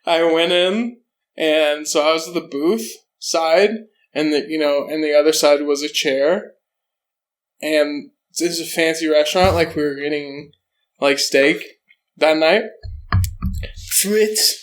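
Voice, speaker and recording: A man co-hosting a casual comedy podcast, telling a story in a dry, unhurried way. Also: on the high side, low-quality recording. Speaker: podcast co-host.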